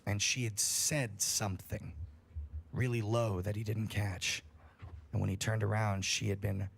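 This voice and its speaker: A young man reading a scary story aloud on a livestream, in a profane, animated storytelling manner. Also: on the low side, a little slow, creaky, breathy edge.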